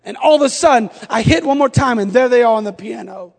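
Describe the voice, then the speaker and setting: High-pitched pastor guy in his 40s, jokey stories then shouting fervently, church echo hanging around. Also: animated, fast talker, gravelly. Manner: humorous storytelling rising to fervent shouting. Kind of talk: sermon with personal story. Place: church sanctuary. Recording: long reverb of a church sanctuary.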